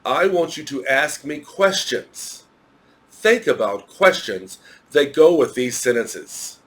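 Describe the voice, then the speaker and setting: A man with an American accent walks through a grammar lesson at an unhurried, deliberate pace. He explains each point step by step and spells words out letter by letter for his students. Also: medium pitch, very animated, a bit bright. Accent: American English. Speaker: English teacher. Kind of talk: recorded English grammar lesson.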